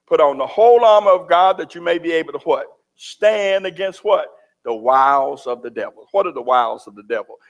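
A man preaching a sermon in a church, in a folksy, animated way. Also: on the high side, brisk. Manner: folksy, animated preaching with Southern turns of phrase.

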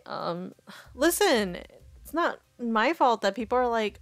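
A woman's voice: mid-range voice, very animated, measured pace, no echo. A woman streamer chatting casually and thinking aloud, rambling and indecisive. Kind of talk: casual live-stream chat.

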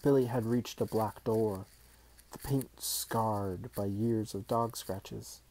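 A man reading a children's fantasy novel aloud in slow, measured narration. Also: fairly low pitch, steady tone, a little mellow, slight background noise, rough recording. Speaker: audiobook reader. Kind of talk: storybook reading.

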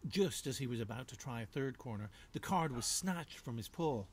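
A man's voice: mid-range voice, fairly quick, hardly any pauses, slightly rough. Playful man reading a story aloud. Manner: lively, rhythmic, playful storytelling. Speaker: children's author. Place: home.

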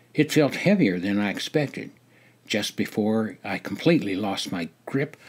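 An older man reading his own memoir aloud in a measured, deliberate storytelling manner. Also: mid-range voice, darkish tone, slightly rough. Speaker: memoir narrator.

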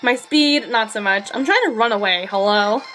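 A woman streaming a game live, excited and rambling, her voice shaky with excitement as she reacts. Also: on the high side, normal speed. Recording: faint music behind.

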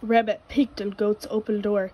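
A woman reading a children's picture book aloud, telling it gently and clearly. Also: medium pitch, flat delivery, normal speed, a little hiss or hum, low-quality recording. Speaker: storybook reader.

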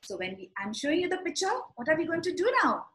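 A woman teaching young children, telling a story and guiding letter writing in a slow, sing-song, animated way. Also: high-pitched. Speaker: preschool teacher. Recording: echoey room.

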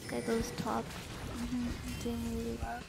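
A woman with a high voice talks through her game in a low grumble, swearing at her team and half-whispering complaints to herself. Loud music plays clearly behind her. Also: monotone, slow pace. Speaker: game streamer. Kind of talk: live gameplay commentary.

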